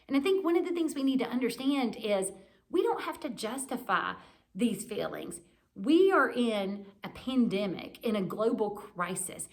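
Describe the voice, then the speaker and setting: A woman in her forties giving a candid, reflective devotional talk for a church, gently encouraging her listeners. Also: fairly high pitch. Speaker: church speaker.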